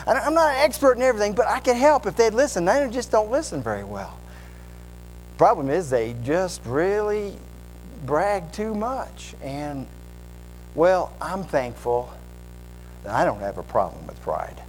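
A man's voice: high-pitched, big pitch swings, moderate pace, a little hiss or hum, pitched above the performer's own voice, low-quality recording. A man voicing a boastful know-it-all churchgoer who talks with mock self-importance and lots of bragging. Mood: smug, bragging.

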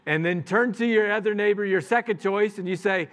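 Pastor guy giving a sermon, chatty and direct with the congregation, kinda high voice. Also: a little fast, hardly any pauses, a bit bright. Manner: conversational, plainspoken, addresses the congregation directly.

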